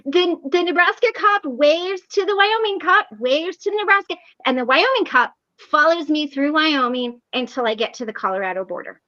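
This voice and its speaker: A high-pitched woman hosts a live recovery meeting and tells a story in a casual, animated way, often laughing. Her voice is dry and close, with dull lo-fi sound. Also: moderate pace, hardly any pauses, no room sound.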